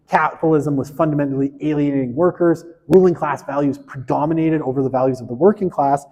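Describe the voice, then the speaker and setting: A man's voice: on the high side, mellow. Chatty male lecturer in an echoing hall. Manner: chatty, frequent "right?" tag questions, self-deprecating asides. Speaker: sociology lecturer. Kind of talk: casual university lecture.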